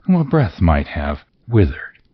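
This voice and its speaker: A man voicing a solemn ghostly spirit that makes measured, pointed remarks. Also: low voice, very animated, slightly rough, muffled recording, voice pushed up, heavily acted.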